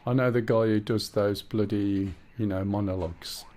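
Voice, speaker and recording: A man's voice: on the low side, fairly even intonation, normal speed, darkish tone. A man streaming a flight sim, chatting with opinions and explaining his helicopter controls step by step. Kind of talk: live gameplay commentary.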